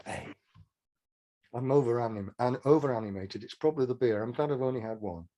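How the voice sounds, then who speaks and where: A man's voice: mid-range voice, fairly quick, warm tone, dull audio. An older man, a songwriter telling rambling, self-deprecating stories as an interview guest. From England. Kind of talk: casual interview chat.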